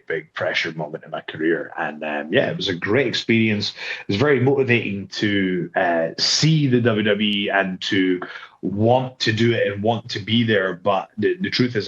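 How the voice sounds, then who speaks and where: A man's voice: on the low side, fairly bright tone. A man being interviewed as a guest wrestler, telling stories casually and acting out quoted voices with frequent restarts. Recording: slightly dull lo-fi sound.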